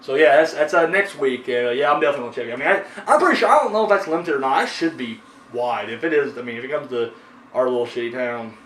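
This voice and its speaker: A man's voice: mid-range voice, expressive, fast talker, a bit bright. A man hosting a horror movie review show, chatting casually and rambling with lots of fillers and swearing. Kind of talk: casual chat. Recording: echoey room from a distance with faint noise.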